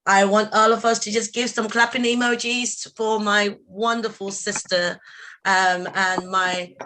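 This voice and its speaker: A woman's voice: fairly high pitch, steady tone, moderate pace, fairly bright tone, slight background noise. A woman with a Nigerian accent hosting a live online radio show, introducing guests with effusive praise. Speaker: host.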